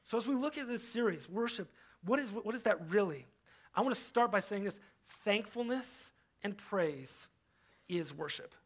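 A man's voice: high voice, expressive, moderate pace. A man pastor giving a casual, conversational sermon, often acting out the voices he quotes. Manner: conversational, acts out quoted voices, frequent fillers. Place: church.

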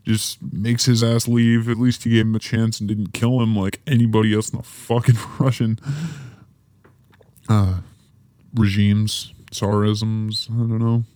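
A man's voice: fairly low pitch, dark tone, no echo. A man hosting a podcast, reading through a history timeline and breaking off with offhand, joking asides. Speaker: podcast host. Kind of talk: casual podcast history rundown.

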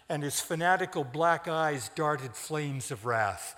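A male storyteller reads aloud in a measured, dramatic manner at a very slow pace. His voice sits at a middle pitch. A long hall reverb follows his words. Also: animated, a bit bright.

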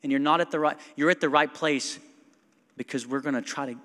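A man's voice: on the high side, fairly even intonation, brisk, sharp tone. A male pastor giving a casual, story-driven sermon, quoting people and asking the congregation questions. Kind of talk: conversational sermon. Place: church sanctuary. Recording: long church hall reverb.

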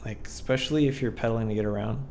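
A man as a podcast guest in casual chat, talking in a relaxed, rambling way. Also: lowish voice, racing, creaky, noisy background.

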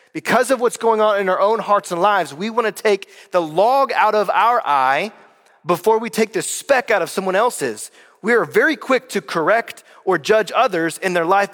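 A man's voice: high-pitched, fairly bright tone, in a large hall. A middle-aged man preaching a conversational sermon in a church, emphatic and full of rhetorical questions. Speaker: pastor. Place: church sanctuary.

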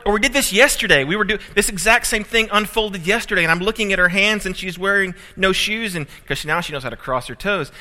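A man's voice: sits high, animated, fast talker, hardly any pauses, bright, forceful tone. A man preaching a sermon as pastor, telling a family story with humor and building emphasis. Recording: reverberant hall.

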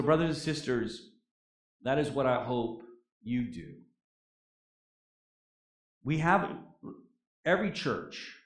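A man preaching a sermon as a prison chaplain, moving between loud declarations and soft, quiet drops, in a church. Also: mid-range voice. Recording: echoey room.

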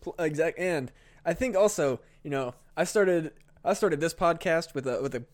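A man's voice: on the high side, lively intonation, normal speed. A man co-hosting a comedy podcast, talking in a laid-back, sweary way. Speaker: podcast co-host. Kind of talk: casual chat.

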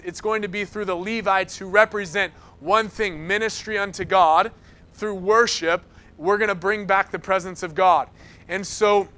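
Bright high-voiced man preaching. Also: clean tone. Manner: animated storytelling, acts out quotes. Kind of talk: sermon.

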